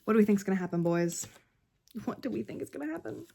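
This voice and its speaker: A young woman talks fast in an expressive, gravelly yet mellow mid-range voice as she unboxes albums for her book and K-pop vlog. The casual clip has her gushing, gasping, and flipping between squeals and whispers.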